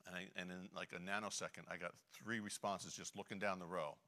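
Middle-aged male preacher, deep but bright, folksy and conversational. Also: fairly even intonation, a little fast. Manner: chatty, many "you know" fillers, frequent throat clearing. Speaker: Bible teacher. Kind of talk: conversational sermon with a personal story.

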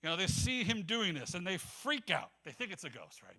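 A man's voice: on the high side, big pitch swings, a little fast, bright, forceful tone. A man preaching a casual, conversational sermon, acting out the voices of biblical figures and laughing often.

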